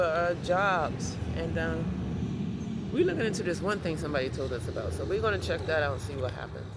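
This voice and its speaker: Woman, casual vlog talk, rambling, self-reassuring repeats, outdoor city recording, heavy traffic noise. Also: fairly low pitch. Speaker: vlogger. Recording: noisy outdoor street recording.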